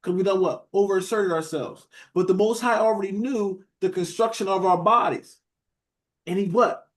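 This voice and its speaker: A man preaches a casual sermon with a slightly higher pitch than most men. He talks in a chatty, back-and-forth way, asking his listeners questions and answering them himself. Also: moderate pace. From United States. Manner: conversational preaching, asks the room questions and says "beloved". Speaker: teacher preaching a Bible study.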